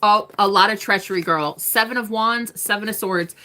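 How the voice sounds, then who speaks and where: Speaking at a moderate pace, this tarot reader has a medium-pitched, sharp-toned voice. She's a young woman reading tarot on a live stream, keeping the chat casual, cursing without restraint and laughing a lot.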